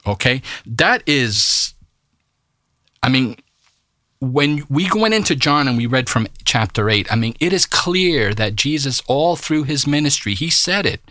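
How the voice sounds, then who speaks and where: A man teaching scripture on a podcast, with a bright, forceful voice that rises and falls a lot as he speaks. He reads a passage aloud, then explains it casually and often stops to ask "okay?" The recording is dry and close, with no room sound. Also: medium pitch, lively intonation, measured pace, dry recording. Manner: conversational, often checks in with "okay?". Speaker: Bible teacher.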